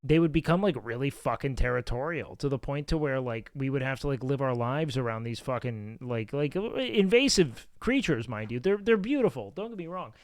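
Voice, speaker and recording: A man streaming, telling rambling, profane stories in a casual, animated way on a close mic. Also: medium pitch, brisk, hardly any pauses, dry recording. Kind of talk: casual storytelling chat.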